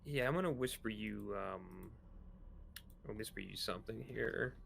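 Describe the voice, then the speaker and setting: A man narrating as the game master of a sci-fi tabletop game, in a relaxed way with many pauses and "um"s. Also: on the low side, vocal fry, a little hiss or hum.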